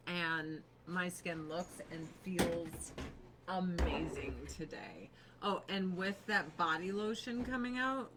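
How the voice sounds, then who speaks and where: Slow-talking woman with a bright voice. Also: fairly low pitch, a little hiss or hum. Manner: chatty, laughs often, swears casually. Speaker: livestream host selling beauty products. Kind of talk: casual chatty livestream. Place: home on a snowy mountain.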